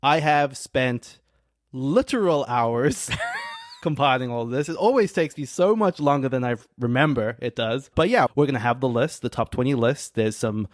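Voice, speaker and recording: An upbeat man hosts a casual podcast with playful confidence. His voice sits in an ordinary middle pitch and sounds dry and close to the mic. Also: lively intonation, normal speed, no room sound. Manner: upbeat, joking self-assured host. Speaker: podcast host.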